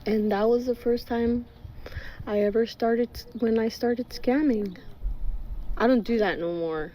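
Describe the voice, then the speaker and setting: A woman's voice: a little high, measured pace, warm tone, soft background music. A woman telling a personal story in a candid, casual way, blunt and profane, acting out other people's lines as she goes. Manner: acts out quoted voices mid-story.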